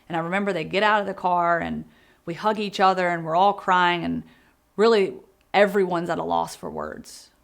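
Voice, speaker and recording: A woman's voice: lowish voice, vocal fry. A woman in her thirties, an interviewee in a family documentary, vividly recounting a tragedy in the present tense. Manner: vivid storytelling, reliving the moment in present tense. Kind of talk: emotional first-person recounting.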